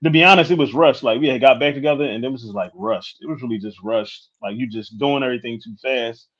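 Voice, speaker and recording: A man in his late thirties talks openly on a podcast at a mid-range pitch, in a relaxed, candid way. His sound comes through a little dull and lo-fi, with the top end muffled. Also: fast talker. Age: 30s. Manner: candid, frequent "you know what I'm saying". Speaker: guest. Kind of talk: casual podcast chat.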